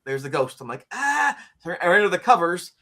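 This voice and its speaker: Animated older male storyteller. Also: a little high, quick pace. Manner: lively, acts out quotes and screams, frequent "like" fillers. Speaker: interview guest, author and teacher.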